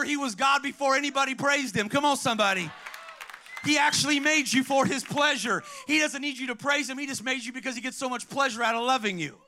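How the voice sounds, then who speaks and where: High, bright-voiced preaching man. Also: a little hiss or hum. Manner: preaching with call-outs to the congregation, storytelling. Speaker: pastor. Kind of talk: energetic sermon.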